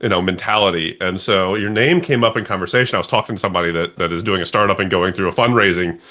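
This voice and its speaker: A man co-hosting an interview, talking fast in a bright, tense voice. He is enthusiastic and rambling, and he restarts his sentences often. His voice sits a little low. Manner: enthusiastic, rambling, laughs a lot. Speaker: interview co-host. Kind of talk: casual interview conversation.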